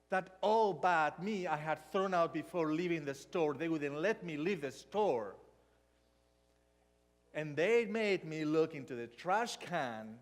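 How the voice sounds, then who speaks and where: In a church hall, a man with a Hispanic accent and a voice high for a man preaches a sermon slowly and deliberately, with a long church reverb. He tells stories animatedly, acting out small mock dialogues along the way.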